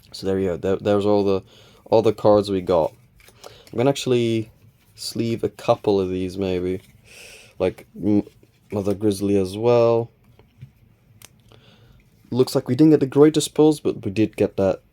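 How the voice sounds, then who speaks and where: Male host, low voice, relaxed unboxing chatter, counts and names each card. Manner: relaxed, reads card names aloud, counts cards, mild self-corrections. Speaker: channel host opening card packs. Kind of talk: casual unboxing commentary.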